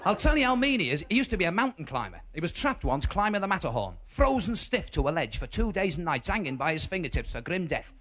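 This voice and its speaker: A man with a Liverpool accent doing a stand-up comedy routine for a live audience, stammering through restarts and shouting his punchlines. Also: on the high side, sing-song, fast, hardly any pauses.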